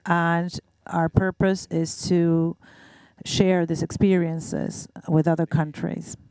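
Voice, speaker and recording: A woman from Uruguay, speaking on a banking panel in a measured, slightly halting way. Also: on the low side, level tone, dark tone, clean tone, dry recording, clean studio sound. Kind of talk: panel discussion answer.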